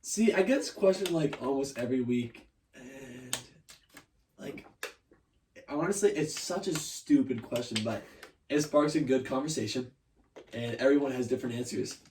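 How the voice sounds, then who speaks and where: A man's voice: medium pitch, moderate pace, pauses often, a little mellow. A young man hosting a podcast from his room, chatty and offhand as he asks quirky questions. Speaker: podcast host. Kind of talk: casual interview chat. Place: his own room, indoors. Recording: echoey room, mic at a distance, faint hiss.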